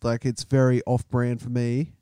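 Laid-back Australian man, mellow voice. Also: mid-range voice, monotone, moderate pace, clear, resonant tone, no room sound. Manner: laid-back, swears a lot. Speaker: podcast co-host. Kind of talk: casual chat.

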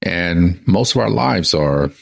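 A man's voice: low-pitched, expressive, takes it slowly, creaky, dry recording, studio quality. A male pastor preaching a conversational sermon that opens with a joke told as a story.

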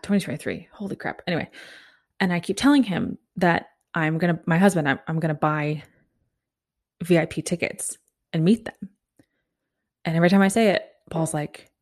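A woman in her thirties hosting a solo podcast, telling a story in a breathless, animated way. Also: fairly low pitch. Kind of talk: casual storytelling monologue.

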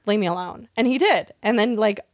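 A woman's voice: medium pitch, brisk, no echo, studio quality. A young adult woman co-hosting a podcast, telling frank stories in a casual chat, quoting people as she goes and laughing often. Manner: candid, laughs often, quotes people in dialogue. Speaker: podcast co-host.

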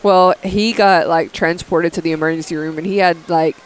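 A woman in a casual podcast chat, talking in a relaxed way and often trailing off mid-sentence. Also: on the low side, moderate pace, smooth, rough recording. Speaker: podcast guest.

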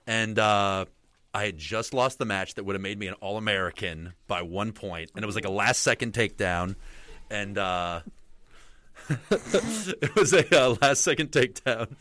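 A man's voice: lowish voice, bright, forceful tone. A young man, a wrestler guest, telling stories in a casual, rambling way with many fillers. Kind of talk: casual storytelling interview.

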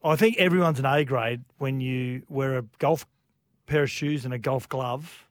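A man's voice: mid-range voice, normal speed, no room sound, clean studio sound. A man telling a jokey golf story in casual chat. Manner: animated, jokey.

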